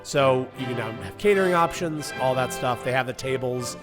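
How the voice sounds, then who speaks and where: A man's voice: medium pitch, moderate pace, music in the background. A young man co-hosting a podcast, reading out tips and riffing with casual swearing. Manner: reads tips aloud then riffs, swears casually. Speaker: podcast co-host.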